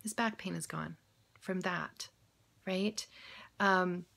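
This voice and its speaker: Woman practitioner talking soft and encouraging, lowish gravelly voice, laughs a lot. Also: steady tone, takes it slowly. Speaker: health practitioner. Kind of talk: casual guided talk. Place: home.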